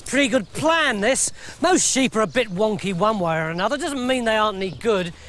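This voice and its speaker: A man's voice: high-pitched, lively intonation, brisk, a bit bright, slight background noise. A man voicing a hardworking, put-upon father who talks in a plain, exasperated way in a told story. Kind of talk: storybook character voice.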